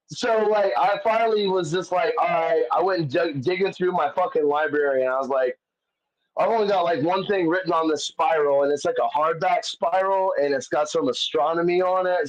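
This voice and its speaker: A man, a comedian guest, telling stories in casual chat, swearing often and rambling with many fillers. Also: on the high side. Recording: dull lo-fi audio.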